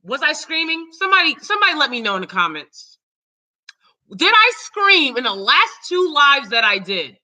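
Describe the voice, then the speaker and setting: A woman hosting her own live stream, ranting loudly and cursing heavily in casual talk. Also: high voice, sing-song, normal speed, rough recording. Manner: loud, profane, heated. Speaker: channel host.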